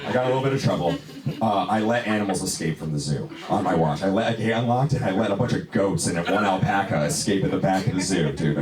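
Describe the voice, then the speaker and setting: A young man doing a stand-up comedy set in a small lounge, rambling in a laid-back way with plenty of "dude" and "you know". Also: fairly low pitch. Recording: echoey club, distant mic, loud crowd.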